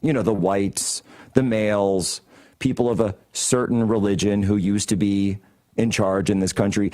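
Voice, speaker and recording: A man's voice: fairly low pitch, steady tone, normal speed, warm tone. A man hosting a political talk show from a studio, delivering heated commentary in a combative, sarcastic, mocking way. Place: broadcast studio.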